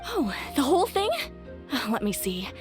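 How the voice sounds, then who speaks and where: A helpful, chatty shopkeeper speaks in a game. Her voice is high and lively. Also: normal speed, soft background music. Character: friendly female shopkeeper.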